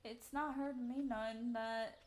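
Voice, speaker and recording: A woman's voice: fairly high pitch, steady tone, a little slow. A woman streamer chatting casually and rambling to herself while playing a game at home. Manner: rambling, chatty, self-talk between game actions. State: out of breath.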